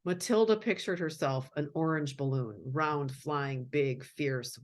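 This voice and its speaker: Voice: mid-range voice, a little slow. A host reading a children's picture book aloud and adding casual commentary and laughing asides.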